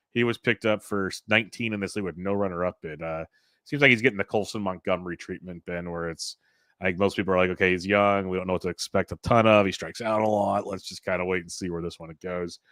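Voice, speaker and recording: A man hosting a fantasy baseball podcast, running through his picks in a relaxed, rambling way. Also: lowish voice, no echo, clean studio sound. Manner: relaxed, rambling stat rundown. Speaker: podcast host. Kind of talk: casual fantasy baseball chat.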